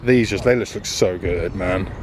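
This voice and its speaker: A man's voice: low-pitched, moderate pace. Joking young man in a car. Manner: jokey, laughs often, banters with friends. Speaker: vlogger host. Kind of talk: casual road trip chat. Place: inside a car on the road. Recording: car and road noise behind.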